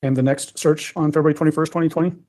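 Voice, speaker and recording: Fast-talking man with a dark, flat voice. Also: on the high side. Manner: formal, repetitive questions. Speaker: prosecutor questioning a witness. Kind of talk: courtroom questioning.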